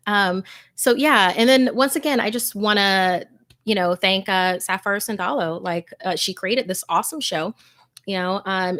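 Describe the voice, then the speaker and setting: A woman hosting a scary story channel, chatting casually and effusively with her viewers in a warm, emotional way full of fillers. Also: medium pitch, no echo, clean studio sound. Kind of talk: casual livestream chat with viewer shout-outs.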